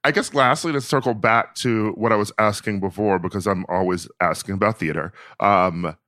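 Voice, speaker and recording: A man co-hosting a podcast, chatty and quick to laugh while asking a guest questions. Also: fairly low pitch, bright, forceful tone, dry recording, clean studio sound. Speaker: podcast co-host. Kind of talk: casual interview chat.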